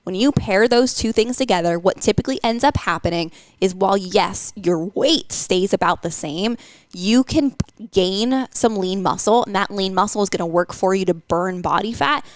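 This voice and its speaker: A woman explains nutrition in a loose, chatty podcast style, full of fillers. Her voice sits at a middle pitch. The sound is dry and close to the mic. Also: normal speed, no room sound. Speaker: nutrition coach, podcast host. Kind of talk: casual podcast chat.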